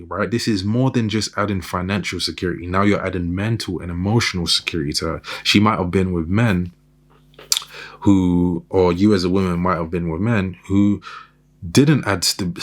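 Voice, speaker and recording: Low voiced guy doing a chill dating advice monologue, lots of "you know" and "right?". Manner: conversational, frequent "you know" and "right?" asides.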